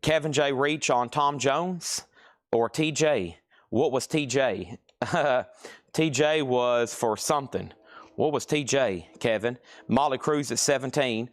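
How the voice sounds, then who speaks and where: Male live-sale host, quick patter, close mic catching his breaths, dry and upfront. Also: medium pitch, no echo. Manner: rapid salesman patter, breathes audibly through nose. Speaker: live-stream auction host. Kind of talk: fast live-sale patter reading bids and comments. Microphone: mic right next to his mouth.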